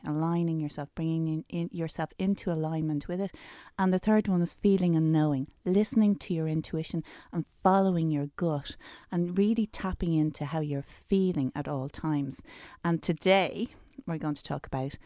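A woman's voice: deep voice, normal speed, dark tone, no echo, studio quality. A middle-aged woman hosting a talk, teaching personal development in a casual, explanatory way and repeating words for emphasis.

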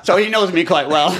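A man's voice: sits high, noisy background. An older man from Ireland co-hosting a podcast, telling stories in a rambling way with many fillers and restarts. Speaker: podcast co-host. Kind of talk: casual storytelling chat.

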